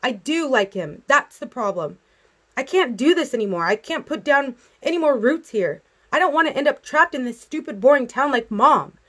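A woman reading a storybook voicing a desperate teenage girl who shouts through tears. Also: high voice, expressive, moderate pace, voice pushed up. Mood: tearful anger.

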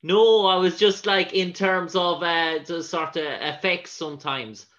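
A man's voice: high-pitched, a little slow, fairly bright tone. Muffled, rambling male interviewer. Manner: rambling, restarts questions. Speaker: interview host. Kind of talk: interview questions.

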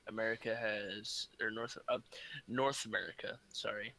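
Young guy cohost, bright clear voice, laid-back and jokey. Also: fairly low pitch, fairly even intonation, normal speed, rough recording. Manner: joking, laid-back, reads figures aloud. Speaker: podcast co-host. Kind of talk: casual chat.

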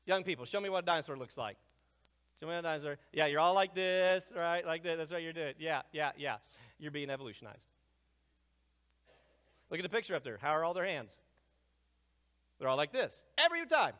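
A man lecturing a live crowd, his voice sitting a little high and full of energy as he swings from loud bursts to near-whispers. The sound hangs in the long reverb of a large hall. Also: fairly quick, long pauses, clear, resonant tone. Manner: energetic, swings between loud asides and hushed remarks. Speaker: speaker presenting to a live audience. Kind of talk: animated lecture.

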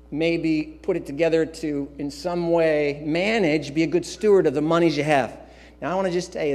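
A man's voice: a little high, a little mellow, long reverb tail. A man preaching a sermon as pastor, emphatic and repetitive, with casual asides and filler sounds. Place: church sanctuary.

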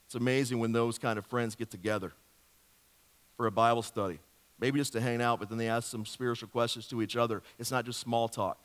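A man's voice: medium pitch, fairly quick. Man preaching in a reverberant church. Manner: animated, jokey storytelling with rhetorical questions. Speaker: pastor. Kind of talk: sermon. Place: church sanctuary. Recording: long hall reverb of a church.

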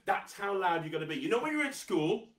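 A bright, forceful man hosts a live magic show for children, coaxing and teasing with lots of energy. He stands back from the mic in an echoey room. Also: high-pitched, sing-song, quick pace, distant mic. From England. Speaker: host, magician. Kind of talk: live kids' show hosting.

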